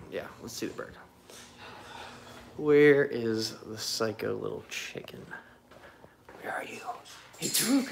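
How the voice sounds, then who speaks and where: A man's voice: medium pitch, a bit bright, slight background noise. A man from the United States chatting casually on a live stream from his home and backyard, swearing freely and talking to his animals. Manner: loose, swearing, talks to animals and chat. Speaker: pet keeper streaming live.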